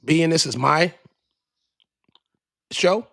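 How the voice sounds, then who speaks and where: A man's voice: fairly high pitch, drawn-out words, gravelly, a bit bright, no echo. A man hosting a podcast, ranting casually in a profane, rambling way, often restarting his sentences, into a studio microphone. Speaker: podcast host. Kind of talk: casual rant.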